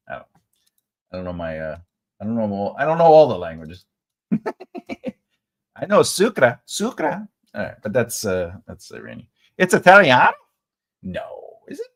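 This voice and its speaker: A man hosting a live writing class, chatting with viewers in a jokey, rambling way and laughing often. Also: on the low side. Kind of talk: live-stream chat reading comments.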